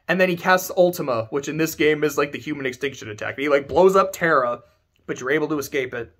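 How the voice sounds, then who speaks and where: A man's voice: a little high, fast, fairly bright tone. A young man giving a casual spoken game review, rambling, correcting himself and swearing casually.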